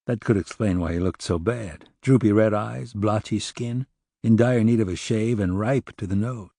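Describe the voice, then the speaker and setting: Low-voiced male audiobook narrator. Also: normal speed, mellow, no room sound, clean studio sound. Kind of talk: scripted narration.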